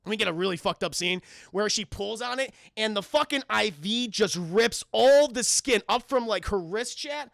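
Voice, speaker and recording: A man's voice: sits high, animated, normal speed, creaky, few pauses, a bit bright, no echo. A man streaming a casual, profane, rambling film recap to his chat. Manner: profane, rambling, many fillers.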